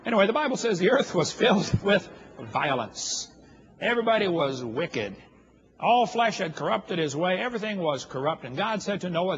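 A man's voice: high-pitched, very animated, moderate pace, fairly bright tone, dull audio, slight background noise. A man giving a humorous lecture to an audience, telling stories in a folksy, joking way. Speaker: creationist speaker.

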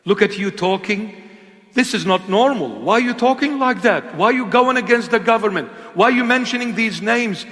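A preacher acting out a disapproving critic who fires rapid, exasperated questions at him. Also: male voice, sits high, fairly bright tone, long reverb tail, voice pushed up. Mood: incredulous. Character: scolding worldly critic, disapproving and incredulous.

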